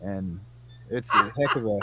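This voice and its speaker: A man from Iowa telling an animated story to friends, acting out both sides of the conversation. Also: fairly low pitch, a little slow, very noisy. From Iowa, United States. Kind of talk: casual storytelling among friends.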